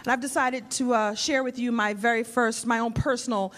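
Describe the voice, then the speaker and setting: Playful stand-up comedienne from New York. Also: female voice, a little high, fairly even intonation, brisk, a bit bright. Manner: teasing, playful, talks to the audience. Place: comedy club stage. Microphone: handheld mic. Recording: live club crowd laughter.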